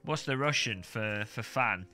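A man's voice: fairly low pitch, expressive, a little slow, sharp tone, faint music behind. A man streaming a casual unboxing, rambling and joking as he reads out foreign words in silly voices. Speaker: tech streamer.

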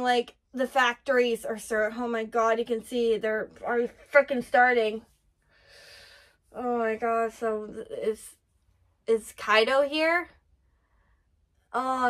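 A woman's voice: fairly high pitch, steady tone, takes it slowly, fairly bright tone. A young woman reacting to an anime episode, gushing and exclaiming often, squealing when she is moved. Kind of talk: excited anime reaction commentary.

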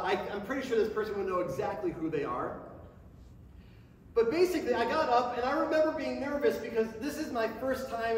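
Man, pastor preaching a sermon, quickens when passionate, very echoey church, distant mic, long reverb. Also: a little hiss or hum. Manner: speeds up and rises in pitch when passionate. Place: church sanctuary before a congregation. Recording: echoey hall from far off.

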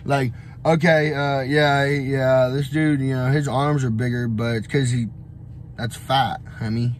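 A man's voice: medium pitch, flat delivery, measured pace, slight background noise. A young man vlogging on the road, giving a blunt, profane motivational rant full of fillers and restarts. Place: on the road, traveling.

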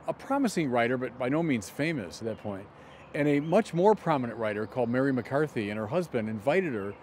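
A middle-aged man, a bishop, gives an emphatic teaching commentary outdoors in a garden, slowing down deliberately on key words. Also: medium pitch, a little mellow, slight background noise.

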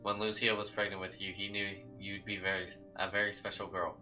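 A man's voice: fairly low pitch, little pitch movement, a little fast, over music, lightly acted. A man voicing a stern, manipulative aunt who speaks in a cold, coaxing way.

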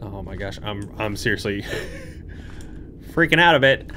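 A young man hosting a horror game playthrough, talking to viewers, jumpy and swinging from hushed muttering to yelps. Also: lowish voice, wildly swooping pitch, slow, background noise. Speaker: gaming channel host. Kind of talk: horror game let's play commentary. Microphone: desk microphone.

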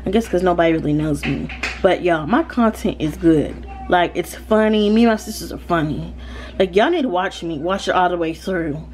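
A woman with a Southern American accent talking casually to her viewers in a home vlog, animated and full of "y'all" and "like.". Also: fairly low pitch, moderate pace, slight background noise. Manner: animated, addresses viewers as y'all, lots of likes. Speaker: vlogger.

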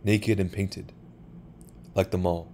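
A man's voice: deep voice, little pitch movement, slow, darkish tone, a little hiss or hum. A man voicing a tall, weary young soldier who answers in short, clipped replies. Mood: bleak.

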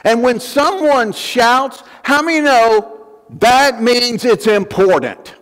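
In a church sanctuary, a male pastor preaches a fervent sermon, building emphasis with repeated phrases. His voice is extremely high, slow and a bit bright, carried by long church hall reverb.

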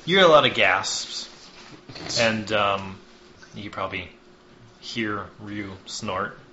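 A man with a fairly low but bright, forceful voice narrates as game master, loose and self-mocking, with casual swearing. The recording is dull and lo-fi with a noticeable room echo. Faint hiss sits behind it. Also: slow pace. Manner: loose, joking, swears and laughs at himself.

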